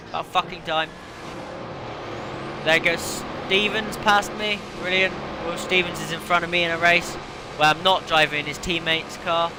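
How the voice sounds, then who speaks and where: This gaming channel host has a voice on the high side with little pitch movement and speaks at a moderate pace. He rants and swears in frustration while hosting a racing game video, with the game's racing engines roaring in the background.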